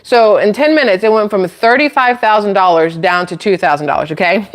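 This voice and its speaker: A woman's voice: mid-range voice, fairly quick. A woman hosting her own channel, ranting to camera in a blunt, sarcastic, incredulous way with exasperated laughs. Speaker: channel host.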